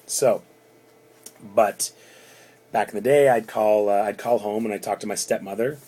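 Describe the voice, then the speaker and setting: A man's voice: fairly low pitch, fairly even intonation, normal speed, warm tone, low-quality recording. A man in his thirties from Canada, rambling chattily through a personal story and acting out the people he quotes. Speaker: bar doorman telling a personal story. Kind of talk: casual spoken anecdote.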